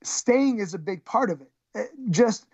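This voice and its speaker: A woman who coaches high school wrestling tells a story in an interview, halting and repeating words. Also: lively intonation, a little mellow, breathy edge, dry recording. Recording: dull, slightly lo-fi sound.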